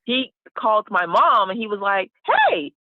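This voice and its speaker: A woman guest telling an emotional personal story in an animated way, full of fillers and acted-out quotes, over a video call. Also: medium pitch, normal speed, no room sound. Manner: animated, acts out quoted voices, many fillers. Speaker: interview guest. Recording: tinny phone-like line, dry.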